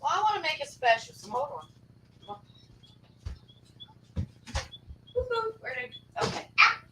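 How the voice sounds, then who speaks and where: A woman's voice: very high-pitched, sing-song, normal speed, creaky, pushed and bright, slight background noise, poor audio. A woman, hosting a live stream in a motherly, encouraging way. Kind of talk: casual live stream chat.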